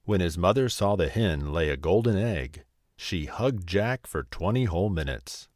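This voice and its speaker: A man reading a fairy tale aloud as a storyteller, in a slow, lively storybook telling. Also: low voice, no room sound, clean studio sound.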